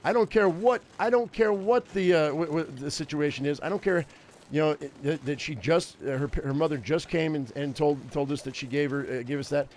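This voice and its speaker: Man in his fifties, slightly high voice, rambling storyteller, faint hum behind. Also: brisk, darkish tone. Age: 50s. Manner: rambling, chatty anecdote-teller. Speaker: game streamer. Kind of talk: casual storytelling chat.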